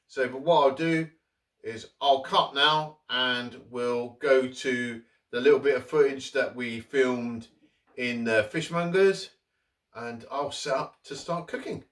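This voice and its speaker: Slow, rambling man hosting a cooking vlog. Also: mid-range voice, a bit bright, distant mic. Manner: rambling, chatty, jokey asides. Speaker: cooking channel host.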